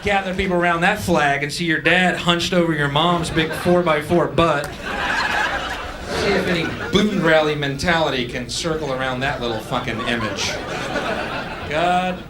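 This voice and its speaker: A stand-up comedian ranting angrily on stage, swinging between loud outbursts and low mutters. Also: male voice, normal speed, a loud crowd, very noisy.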